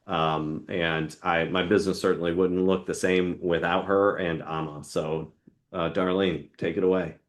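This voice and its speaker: Guy with a really low voice hosting a travel webinar on a video call, upbeat, lots of ums. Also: flat delivery. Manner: enthusiastic, filler-heavy, halting. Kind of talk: casual webinar presentation.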